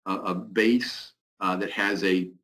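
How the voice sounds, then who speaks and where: A man's voice: deep voice, steady tone, takes it slowly, a bit bright, low-quality recording. A man giving a technical building-code presentation and answering questions, with many fillers. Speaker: product representative presenting.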